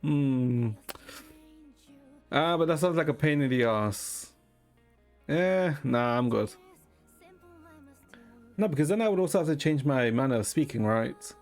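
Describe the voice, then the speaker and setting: A man streaming and chatting casually with a deadpan manner, swearing often. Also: medium pitch, a little slow, pauses often, soft background music.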